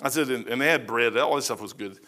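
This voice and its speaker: A man's voice: mid-range voice, quick pace, sharp tone. A middle-aged man, a pastor, giving a verse-by-verse sermon in a folksy, conversational way with personal stories.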